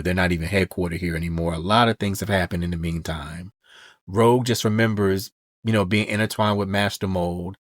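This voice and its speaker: A podcast host with a lowish voice walks through a comic book storyline, talking casually and slipping into the characters' quoted lines along the way. The sound is close and dry, with no echo.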